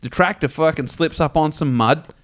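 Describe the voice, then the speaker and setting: A man's voice: a little high, moderate pace. A man, drunk, rambling through crude jokes and stories on a comedy podcast. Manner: rambling, laughing, acts out voices in stories. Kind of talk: casual crude banter and joke telling.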